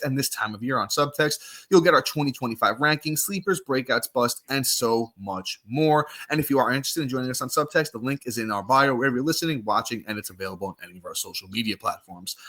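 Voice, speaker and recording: A man hosting a sports podcast, reading the intro and ads in an energetic, hyped-up way. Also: medium pitch. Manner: energetic, hyped, ad-read delivery. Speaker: podcast host. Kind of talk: upbeat podcast intro and chat.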